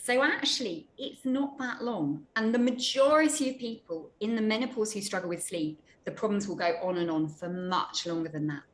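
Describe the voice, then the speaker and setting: A woman doctor explaining sleep problems in a clear, reassuring way, with some small restarts. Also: mid-range voice, animated, normal speed, hardly any pauses, poor audio. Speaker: menopause doctor. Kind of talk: explaining to a panel.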